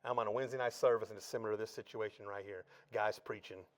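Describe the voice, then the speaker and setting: A man giving his testimony during a church service, telling his story in a casual, folksy way and swinging between loud and hushed as he acts out each scene. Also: fairly low pitch, steady tone, quick pace.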